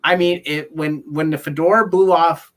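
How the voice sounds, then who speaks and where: Co-host, male, higher register, exasperated animated ranter on a film chat show. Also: normal speed. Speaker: podcast co-host. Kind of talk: casual film discussion.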